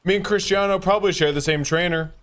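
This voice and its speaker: A man's voice: sits high, fast, fairly bright tone, pitched above the performer's own voice. A man doing a boastful older politician. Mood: bragging. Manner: bragging, exaggerated superlatives, repetitive. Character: boastful older male politician, self-aggrandizing.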